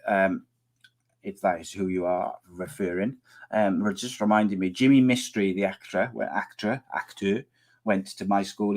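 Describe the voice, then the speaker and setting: A middle-aged man, hosting a live podcast and reading out viewer comments in casual, teasing chat; he is losing his voice. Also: deep voice. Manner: chatty, teasing, rambling with many restarts.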